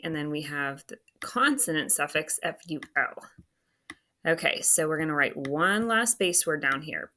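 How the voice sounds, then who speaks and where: Bright, slow-paced woman teaching phonics. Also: low voice, slight background noise. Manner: patient, spells words letter by letter; self-talk while writing on screen. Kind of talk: phonics lesson walkthrough.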